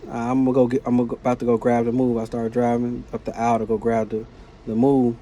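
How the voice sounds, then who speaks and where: A man vlogging, telling a story in a casual, animated, slang-filled way. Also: mid-range voice, fast talker, slight background noise. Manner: animated, slangy retelling of a work conflict.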